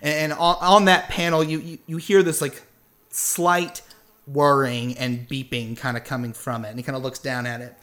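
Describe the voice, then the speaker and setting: A man's voice: mid-range voice, level tone, normal speed, a bit bright. A man running a tabletop game as game master, narrating loosely with fillers and restarts.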